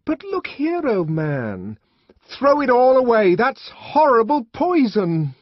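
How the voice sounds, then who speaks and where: A man reading an audiobook, voicing an earnest young male outsider who pleads in a loud, ringing voice. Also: extremely high pitch, huge pitch swings, takes it slowly, no room sound, voice pushed up, full character voice. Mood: impassioned. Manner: pleading, impassioned. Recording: dull lo-fi audiobook recording.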